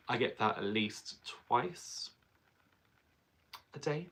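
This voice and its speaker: A man's voice: mid-range voice, lively intonation, slow, pauses often, a bit bright, a little hiss or hum. A man who is a drag performer, chatting playfully while doing his makeup and laughing often.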